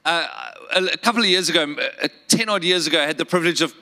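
Bright-voiced South African male preacher. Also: on the high side, quick pace. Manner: earnest preaching with repeated words and rhetorical questions. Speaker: pastor. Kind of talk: sermon.

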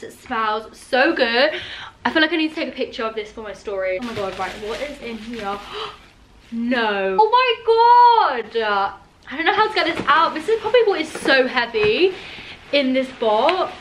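A young woman chats into her camera at home, her voice sitting high. She gushes over each item, peppering her speech with "like" and "oh my god.". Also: animated, moderate pace, slight background noise. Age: young adult. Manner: gushing, full of "like" and "oh my god". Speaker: vlogger. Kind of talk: casual unboxing vlog. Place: at home indoors. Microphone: handheld camera.

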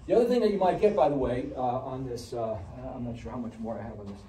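A man giving a conversational audiology lecture, full of fillers and restarts, who gets animated when he acts out patients. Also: mid-range voice, quick pace, echoey room, far from the mic, a little hiss or hum, low-quality recording. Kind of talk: recorded classroom lecture.

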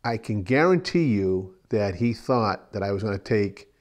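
A man recalling a story from his school days, pausing often to search for details. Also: on the low side, animated, darkish tone. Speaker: interviewee. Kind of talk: storytelling interview.

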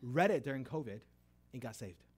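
Animated preacher telling testimony. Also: male voice, mid-range voice, brisk, breathy edge. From Texas. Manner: animated storytelling, acting out voices in quoted dialogue. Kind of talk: testimony sermon.

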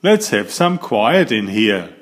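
Brisk teacher addressing her class in a picture book, firm and bright; man voices her. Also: lowish voice, sing-song. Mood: announcing. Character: cheerful schoolteacher woman, firm with class.

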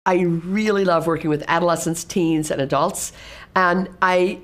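A middle-aged woman, an assistive technology specialist, explaining teaching practice in a lively way and acting out classroom exchanges. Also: on the low side, normal speed. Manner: animated, acts out classroom exchanges in exaggerated teacher voices.

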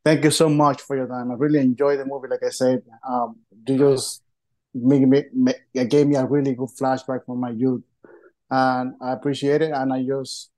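A male interviewer on a video call, with a friendly and slightly halting way of speaking. His voice sits at a middling pitch, and his replies are often short nods of agreement. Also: level tone, mellow, poor audio.

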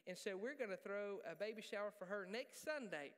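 A male pastor preaching a sermon in a church, joking and animated, poking fun at himself. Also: high voice, a little fast. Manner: joking, animated, self-deprecating. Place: church sanctuary. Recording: reverberant church hall.

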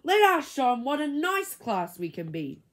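Woman doing a prim schoolteacher, polite scolding, high lively voice, storybook reading. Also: normal speed. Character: patient female schoolteacher keeping order.

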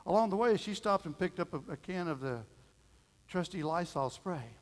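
A middle-aged man preaching a sermon as pastor, telling a family story in a folksy, animated way and acting out the voices. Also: sits high, moderate pace. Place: church sanctuary. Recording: long reverb of a church hall.

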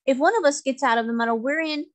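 A woman's voice: high voice, quick pace, voice pushed up, natural voice. A woman reading aloud, voicing a plucky, spirited little girl with a bold, cheerful manner. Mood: indignant.

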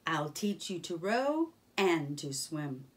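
A woman's voice: deep voice, sing-song, slow pace, heavily acted. Woman voicing a cheerful water rat. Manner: cheerful, easygoing.

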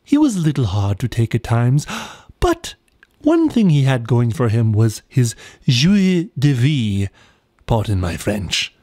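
A man narrates a children's cartoon story in a playful, whimsical way. His pitch swings very widely from line to line. The voice is recorded dry and close. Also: huge pitch swings, a little slow, mellow, no echo.

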